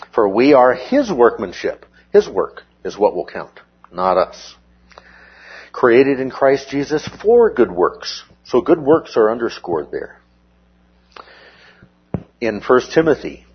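Measured, husky-voiced male Bible teacher. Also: fairly low pitch, muffled recording. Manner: measured, explanatory, checks in with "okay?". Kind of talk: verse-by-verse Bible study lesson.

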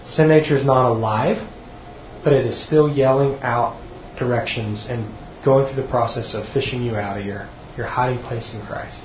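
A man's voice: medium pitch, steady tone, moderate pace, slight background noise. A man teaching a sermon to a group, earnest, often repeating words as he restarts. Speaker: teacher at a church class. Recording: dull echoey room recording.

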